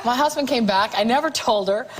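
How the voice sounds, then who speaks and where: A woman's voice: on the high side, fairly quick, music in the background, poor audio. A woman in her fifties, a talk show guest telling a story in a chatty, laughing way. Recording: loud studio audience and noise.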